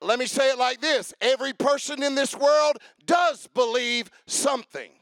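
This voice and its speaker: Male pastor, high voice, emphatic and repetitive, shouts his points, dry close sound. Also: moderate pace, dry recording. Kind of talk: sermon. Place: church.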